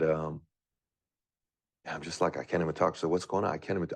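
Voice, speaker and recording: A man's voice: deep voice, gravelly, slightly rough, dry recording. A man in his thirties earnestly telling a personal story, full of questions and doubt. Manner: earnest, questioning, rambling delivery. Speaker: guest sharing a personal story.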